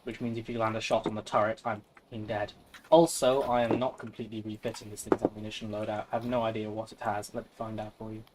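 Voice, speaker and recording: A man's voice: on the low side, level tone, fast talker, noisy background. A man chatting casually while he plays a game on stream, swearing now and then. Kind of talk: casual gaming chat.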